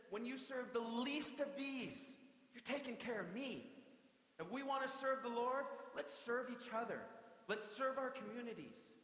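Bright-voiced preacher in an echoey hall. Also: male voice, very high-pitched, moderate pace. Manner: energetic, conversational preaching with playful asides. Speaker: pastor. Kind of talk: sermon. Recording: echoey hall with long reverb.

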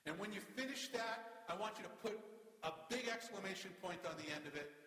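A man preaching a sermon as pastor, animated and emphatic, slowing down to stress key words. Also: high-pitched. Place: church. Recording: echoey church hall.

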